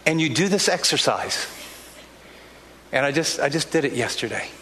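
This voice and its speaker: An older male pastor delivers a sermon with a somewhat high voice, speaking earnestly and conversationally, often stopping to restart a thought. His words ring out with a long hall reverb over faint room ambience. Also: expressive, moderate pace, sharp tone, a little hiss or hum. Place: church sanctuary.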